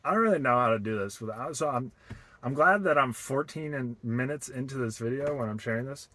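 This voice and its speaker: A young man from Boston in a casual, reflective vlog, talking haltingly with many fillers and restarts. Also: mid-range voice, pushed and bright, no room sound. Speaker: vlogger.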